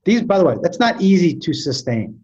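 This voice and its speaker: Animated man telling stories, lo-fi. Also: high-pitched, brisk. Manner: animated, trailing restarts and stammers. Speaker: podcast guest. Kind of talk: storytelling in casual chat.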